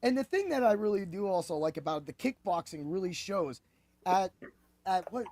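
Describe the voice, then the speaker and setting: A man hosting a podcast, talking excitably about fights in a rambling way that keeps correcting itself. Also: sits high, normal speed, a little hiss or hum. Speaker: podcast host. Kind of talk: animated sports betting chat.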